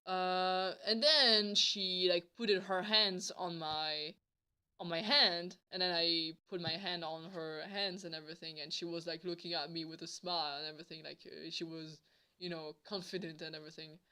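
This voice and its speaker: A woman's voice: lowish voice, steady tone, moderate pace, pushed and bright, smooth. A woman vlogger telling a casual storytime, rambling with many fillers and some swearing.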